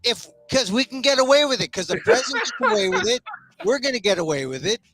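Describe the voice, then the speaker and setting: A man's voice: very high-pitched, huge pitch swings, fast talker, vocal fry, crowd noise. A man hosting a casual political chat, talking in an emphatic way and often repeating his phrases. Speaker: host.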